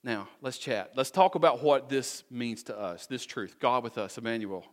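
Guy preaching, chatty sermon, lots of who-can-do-this questions, middle pitch. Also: normal speed. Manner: conversational, rhetorical questions, folksy asides. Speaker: pastor.

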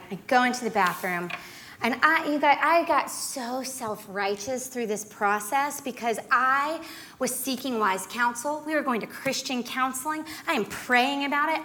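Animated woman telling her story. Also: high-pitched. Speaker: guest speaker. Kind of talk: personal testimony.

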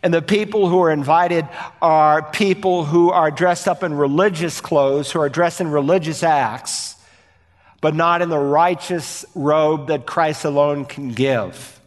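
A man preaching from the pulpit, earnest and emphatic, leaning on rhetorical questions and repetition. His voice sits fairly high for a man and carries a long reverb, as if it fills a church sanctuary. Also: unhurried. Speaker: pastor. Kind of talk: sermon.

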